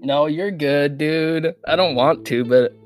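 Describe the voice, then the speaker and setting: A man's voice: fairly high pitch, slow, soft background music. A man playing a tabletop role-playing game, casual and profane, laughing often between his turns. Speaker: player.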